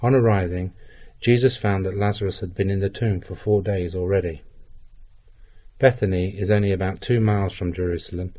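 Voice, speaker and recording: A man reading a Gospel passage aloud in a measured, even way. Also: deep voice. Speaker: scripture reader.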